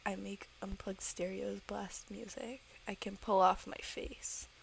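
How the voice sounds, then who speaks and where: A woman's voice: mid-range voice, little pitch movement, a little slow, creaky, slight background noise, poor audio. A woman voicing an old, boastful male ghost who speaks of himself in the third person, drawling and half-whispered.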